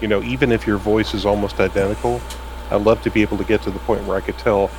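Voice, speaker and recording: A man with a lowish voice talks casually about running tabletop games. His delivery is animated, laughing often and slowing down for emphasis. A faint hiss of noise sits under the recording. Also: low-quality recording. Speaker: game master on a podcast panel. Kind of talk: casual chat.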